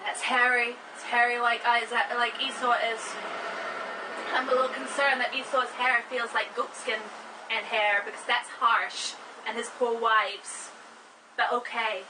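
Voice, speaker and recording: A woman hosting, retelling an old story in a casual, wry and animated way. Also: a little high, recorded from a distance, background noise. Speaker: host.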